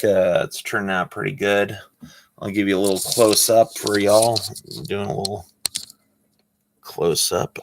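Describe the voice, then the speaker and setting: A man's voice: on the low side, fairly bright tone. A man chatting casually on a live stream while he draws, rambling with lots of fillers.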